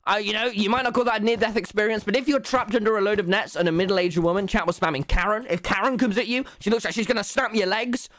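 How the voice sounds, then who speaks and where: A man's voice: sits high, fast talker, hardly any pauses, dry recording. A young man, a gaming streamer telling a jokey story and acting out the voices. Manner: animated, jokey, acts out every voice. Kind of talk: casual storytelling while gaming. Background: faint game music.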